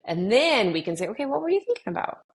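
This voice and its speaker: A woman's voice: fairly high pitch, quick pace. A middle-aged woman talking casually in an interview, animatedly acting out conversations with clients and often restarting her sentences. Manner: animated, acts out quoted dialogue with clients. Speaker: guest sharing her experience with anxiety.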